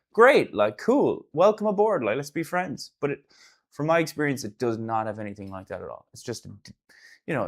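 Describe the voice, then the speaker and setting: Irish man rambling on a live stream. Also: medium pitch. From Ireland. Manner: rambling and loose, sudden loud bursts, casual swearing. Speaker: artist hosting a live stream. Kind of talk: casual live-stream chat.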